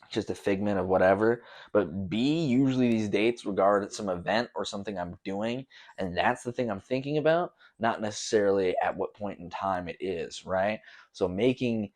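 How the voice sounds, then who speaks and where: Laid-back low-voiced young man rambling. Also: normal speed, a little mellow. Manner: loose, profane, slangy storytelling. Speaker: podcast host. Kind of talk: casual solo rambling podcast.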